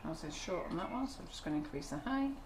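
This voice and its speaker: A woman's voice: fairly low pitch, animated, fast. A woman running a live cake decorating demonstration, chatty and teasing. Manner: chatty, teasing, laughs often. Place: kitchen. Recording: echoey kitchen with background noise.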